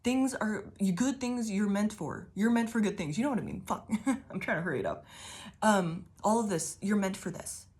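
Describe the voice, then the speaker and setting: A woman's voice: mid-range voice, lively intonation, normal speed, a little mellow. A woman giving a casual tarot reading to her viewers, rambling, swearing often, laughing, and showering them with affirmations. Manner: affirming, calls listeners babies. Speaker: tarot reader.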